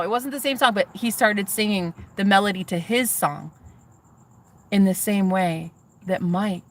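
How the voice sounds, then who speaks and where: A woman telling a story to her viewers in a casual vlog, excitable and swearing freely as she talks straight to them. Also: medium pitch. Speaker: vlogger.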